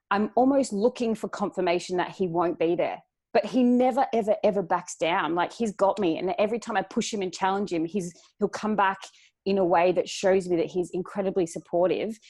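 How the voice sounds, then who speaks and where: A woman's voice: medium pitch, normal speed, darkish tone. A woman guest on a podcast, talking earnestly and reflectively with frequent restarts. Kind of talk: casual chat.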